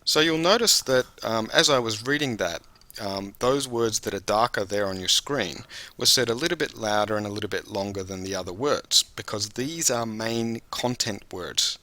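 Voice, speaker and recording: Male test-prep teacher, lowish bright voice, patient explainer, dry sound. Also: normal speed, dry recording. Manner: patient, explanatory, addresses the viewer directly. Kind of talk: instructional video lesson.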